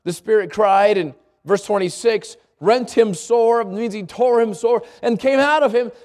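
A man preaching a sermon. He reads scripture aloud in a lower voice, often repeats words as he thinks, and asks the congregation questions. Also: a little slow, darkish tone.

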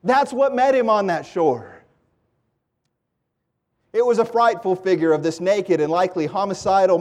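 A man preaching a sermon with passion, his voice climbing into loud pleading and dropping to hushed lows. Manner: impassioned, swings from loud pleading to low hushed.

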